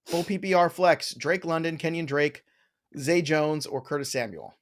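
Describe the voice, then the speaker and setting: A man's voice: fairly high pitch, moderate pace. A man hosting a live stream Q&A, reading viewer questions with playful, joking banter.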